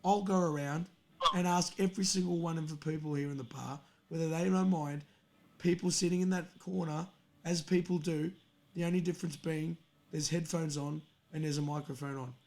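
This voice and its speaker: A man's voice: fairly high pitch, steady tone, brisk. A young man hosting a podcast, telling a story in a heated, profane casual rant. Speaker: podcast host. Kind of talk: angry casual rant on a stream.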